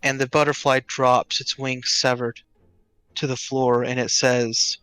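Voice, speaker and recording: Slow-narrating male game master. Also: medium pitch, level tone, pushed and bright, clean tone, soft background music. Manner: descriptive with filler hesitations.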